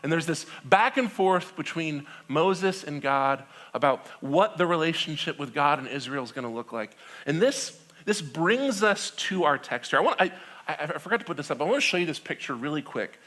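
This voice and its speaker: Casting: male pastor, 30s, storytelling sermon, bright voice, slightly high, chatty asides. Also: normal speed. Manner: animated storytelling, acting out quoted voices; conversational with frequent "right?" and laughs.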